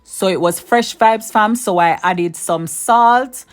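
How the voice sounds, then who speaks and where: Over soft background music, a cooking channel host talks slowly in a mid-range voice. She chats directly with her viewers, walking them through each step of a casual tutorial and going over her advice more than once.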